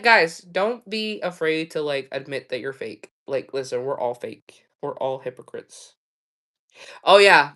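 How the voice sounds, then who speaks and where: A woman's voice: low voice, a bit bright. A woman hosting a livestream, chatting casually and candidly, swearing and laughing often as she tells stories. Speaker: livestream host.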